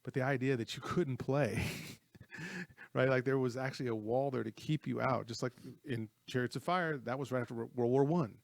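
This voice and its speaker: A man's voice: medium pitch, normal speed, vocal fry, dry recording. A man co-hosting a casual movie talk show, retelling film scenes with energy. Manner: animated storyteller, retells scenes with acted quotes.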